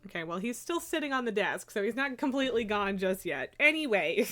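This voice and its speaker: Woman streamer, casual chat, baby talk to pets, bright sharp tone, lively pitch swings. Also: a little fast.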